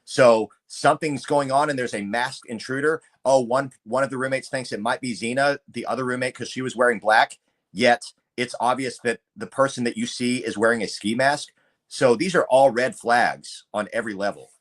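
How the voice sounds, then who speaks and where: Male host, true-crime show, steady, methodical. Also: mid-range voice, moderate pace. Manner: steady, reads transcript aloud. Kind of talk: live true-crime podcast discussion.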